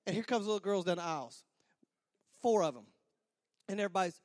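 A man telling a comic story to an audience in a large hall, animated, repeating words and acting out sound effects. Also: high-pitched, fast talker, clean studio sound. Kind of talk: stand-up storytelling to a church audience.

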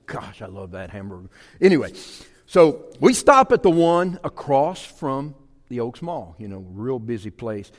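A middle-aged man preaching a sermon, telling a folksy personal story with animated swings and loud bursts. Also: mid-range voice. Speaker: pastor. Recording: long hall reverb.

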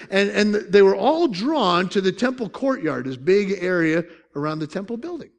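A man's voice: high voice, sing-song, moderate pace, gravelly, few pauses. A man pastor preaching a sermon in a conversational way, with joking asides and questions to the congregation.

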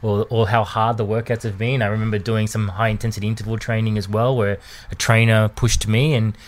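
A man, talking candidly in a personal monologue, hesitant, often restarting and repeating words, with soft laughs. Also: fairly low pitch, flat delivery, fairly quick. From Australia. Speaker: vlogger.

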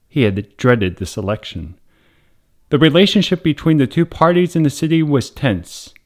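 A man, a priest hosting the show, reading a wholesome story aloud in a measured, dramatic storytelling voice. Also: mid-range voice. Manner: measured, dramatic storytelling with raised voice for quoted shouts. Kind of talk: scripted story narration.

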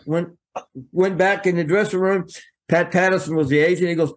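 Older man telling a lively story. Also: high voice, brisk. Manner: animated, rambling, acts out quoted voices. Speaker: guest, veteran wrestling referee. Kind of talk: folksy storytelling.

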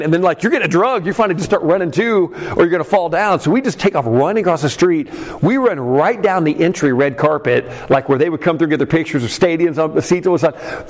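A man preaching a sermon as a pastor, telling a personal story with many fillers and some shouted peaks. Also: on the high side. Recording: long hall reverb.

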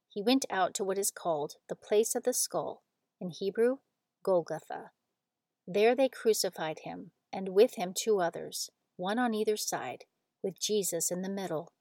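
A woman reading scripture aloud in a measured, solemn narration. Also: medium pitch, a little mellow, dry recording. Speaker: scripture reader.

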